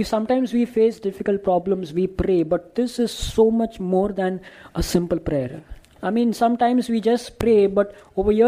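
Mellow-voiced preacher building emphatic repetitions. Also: medium pitch, poor audio. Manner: emphatic, builds repeated phrases, reads and quotes scripture verses; frequent restarts and stumbles. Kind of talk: sermon.

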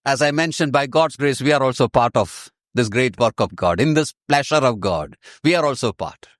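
A man preaching a sermon, slow and emphatic, repeating his key phrases. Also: medium pitch, animated, no room sound, clean studio sound.

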